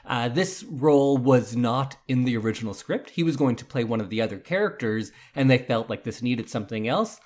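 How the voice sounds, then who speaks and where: Male podcast co-host, mid pitch, conversational explainer, relaxed storyteller. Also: a little fast, few pauses. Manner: explanatory, storytelling about film history. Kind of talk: casual film discussion.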